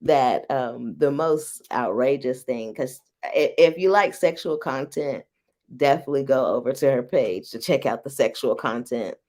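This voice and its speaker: A woman's voice: rumbling low, normal speed, a little mellow. A woman hosting a casual live-stream chat, frank and teasing, who laughs often between phrases. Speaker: host.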